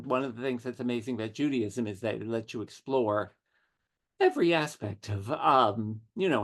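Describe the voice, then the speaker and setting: A middle-aged man, a writer, telling witty anecdotes as an interview guest. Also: medium pitch. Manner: witty, animated storytelling with quick asides. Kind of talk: conversational anecdotes.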